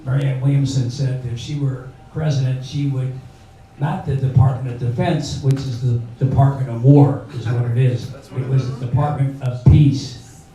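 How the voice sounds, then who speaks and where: A man's voice: medium pitch, fairly even intonation, moderate pace, dark tone. An older man emceeing a live benefit show, chatting in a rambling way with many fillers. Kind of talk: live event hosting. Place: indoor bar venue. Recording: echoey room from far off with crowd noise.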